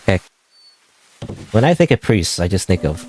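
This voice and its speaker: A man's voice: deep voice, sing-song, normal speed, a little mellow, slight background noise. A man casually commenting on a game while streaming, rambling and often unsure of himself. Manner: rambling, unsure, self-questioning.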